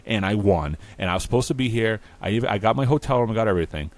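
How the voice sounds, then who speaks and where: A man's voice: fairly low pitch, expressive, very fast, no echo, lightly acted. A man playing a hapless, easily outraged adult man who rants and swears when things go wrong. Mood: bewildered. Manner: exasperated ranting, profane.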